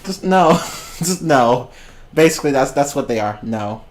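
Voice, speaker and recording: A man's voice: medium pitch, animated, measured pace. Young guy streamer rambling and swearing, keeps cracking up, voice jumps all over the place, bit of background hiss. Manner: rambling, keeps breaking into giggling fits; swears casually. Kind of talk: casual livestream rant.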